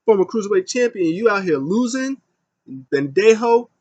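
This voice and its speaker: A man impersonating a brash, angry male wrestler who yells and boasts about his titles. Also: high-pitched, lively intonation, moderate pace, dry recording, muffled recording, pitched above the performer's own voice. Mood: angry boastful. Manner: yelling, boastful, drops Spanish insults.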